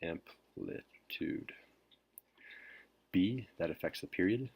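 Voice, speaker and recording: A man teacher whispering a recorded math lesson, hesitant with frequent pauses. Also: low voice, expressive, gravelly, husky. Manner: whispering softly; hesitant, many ums.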